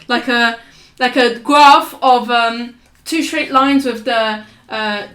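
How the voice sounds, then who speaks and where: A young woman chats on a podcast, rambling through stories with many restarts and laughs. Her voice sits a little high. The room gives it a roomy echo. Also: steady tone, takes it slowly, a bit bright. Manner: rambling storyteller, restarts often, laughs a lot. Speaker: podcast co-host. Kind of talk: casual chat.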